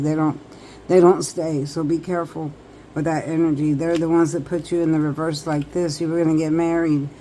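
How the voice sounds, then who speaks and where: A woman's voice: low voice, mellow, slight background noise, low-quality recording. A woman tarot reader talking directly to viewers in a casual, emphatic, repetitive way. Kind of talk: casual advice monologue to viewers.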